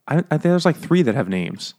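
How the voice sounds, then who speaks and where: A man's voice: fairly high pitch, very animated, a little fast, a little mellow. A man co-hosting a casual book discussion, rambling, swearing and laughing.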